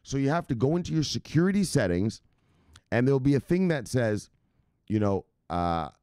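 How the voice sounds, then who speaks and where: A man hosting a crypto news stream, talking casually with slang and loud shout-outs, explaining things step by step. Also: medium pitch, big pitch swings, normal speed, no room sound, studio quality. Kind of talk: casual livestream talk.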